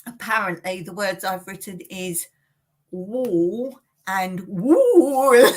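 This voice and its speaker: Slow-talking giggly woman. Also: mid-range voice, a bit bright. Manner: giggly, chatty, often laughing at herself. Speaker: livestream host. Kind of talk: casual livestream chat. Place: home in rural Cyprus.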